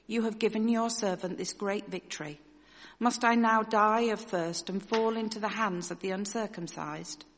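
A woman reading a scripture passage aloud in church at a measured, steady pace. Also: medium pitch. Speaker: scripture reader. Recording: long hall reverb.

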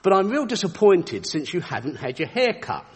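A man's voice: sits high, very animated, moderate pace, husky, voice pushed up, full character voice. A man doing a stern churchgoing father. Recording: long echoey reverb.

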